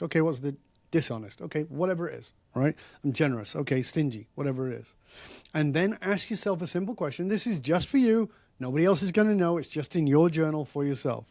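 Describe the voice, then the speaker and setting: A man speaking as a podcast guest and author, telling stories in an animated, emphatic way that often gets loud. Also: fairly high pitch, no echo. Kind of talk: storytelling interview talk.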